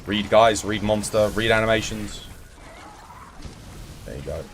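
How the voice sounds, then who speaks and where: A man's voice: lowish voice, a little slow, a little hiss or hum. Chatty man streaming a game. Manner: chatty, greets viewers by name, explains game mechanics. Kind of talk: casual live-stream chat and gameplay tips.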